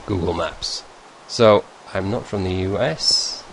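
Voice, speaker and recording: With slight background noise, a deep-voiced man talks slowly in a northern English accent; he's from northeast England. In this casual screen-share chat with his viewers, the vlogger rambles, self-corrects mid-sentence and chuckles in asides.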